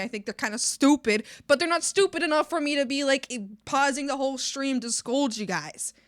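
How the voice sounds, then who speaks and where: Bright high-voiced young woman streamer. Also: no echo, studio quality. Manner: blunt, scolding chat then loud and playful. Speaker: art streamer. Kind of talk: casual live-stream chat to viewers.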